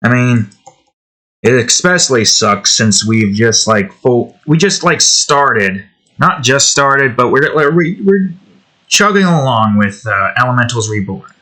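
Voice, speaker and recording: Drawing on his own art channel, a young artist rambles casually and pokes fun at himself. His mid-range voice sounds expressive and unhurried, with a pushed, bright quality.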